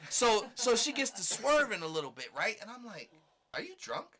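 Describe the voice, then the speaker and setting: A man telling a story with friends on a podcast, swearing a lot and acting out quotes in a higher voice. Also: sing-song, fairly quick, a crowd in the background. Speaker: podcast guest.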